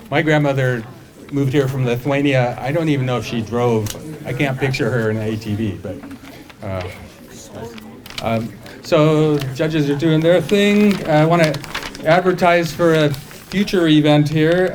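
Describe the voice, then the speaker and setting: A man hosting a live storytelling event, making relaxed, chatty announcements with the odd filler um. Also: fairly high pitch. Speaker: event host. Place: live event venue with an audience.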